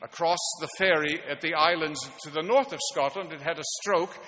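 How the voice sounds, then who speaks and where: A male pastor with a slightly high voice preaches a sermon, spinning wry anecdotes in an easy storytelling way. His words ring out with a long reverb across a large church sanctuary. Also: fairly quick, crowd noise.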